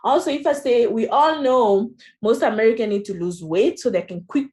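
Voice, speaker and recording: A woman's voice: a little high, moderate pace, a little mellow. A woman with a French accent presenting a training session in a chatty way, often adding "you know" and "right?". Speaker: workshop presenter.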